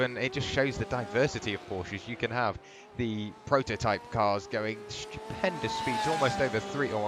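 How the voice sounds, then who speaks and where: A man commentating a sim race live, rambling and lively, building excitement at the finish. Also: mid-range voice, noisy background.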